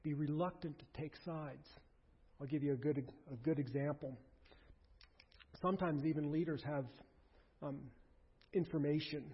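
A man's voice: on the high side, breathy edge. A man preaching a sermon to his congregation, earnest and pleading, often restarting his sentences. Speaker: pastor. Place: church sanctuary. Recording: muffled sound with a long hall echo.

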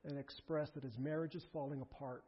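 A man's voice: fairly high pitch, steady tone, fairly quick, husky. A man preaching a sermon to his congregation, earnest and pleading, often restarting his sentences. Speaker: pastor. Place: church sanctuary. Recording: muffled sound with a long hall echo.

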